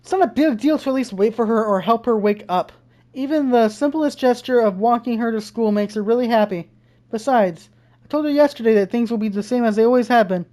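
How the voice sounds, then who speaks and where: Her voice is fairly high, a little fast and mellow: a young gaming streamer reading a visual novel's text aloud as she plays it. She keeps interrupting herself with frightened swearing while faint game music plays underneath.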